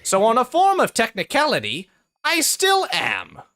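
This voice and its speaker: A man's voice: very high-pitched, wildly swooping pitch, unhurried, sharp tone, soft background music, voice pushed up, heavily acted. A man voicing a pair of stiff, pompous male stone golem guardians. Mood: haughty. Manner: stiff, formal.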